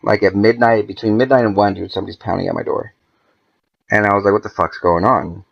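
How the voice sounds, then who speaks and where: A man's voice: on the low side, fast talker, vocal fry, lo-fi sound. A man, a podcast guest, telling a story in a casual, profane way and acting out the dialogue as he goes. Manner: profane, animated, acts out quoted dialogue.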